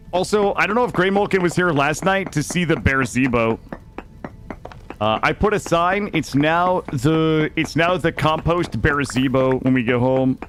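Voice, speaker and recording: A man streaming a survival game live, chatting with viewers in an excitable, jokey way and arguing his case to chat. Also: a little high. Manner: excitable, jokey, defensive with chat, yelps and laughs. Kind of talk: live gameplay commentary.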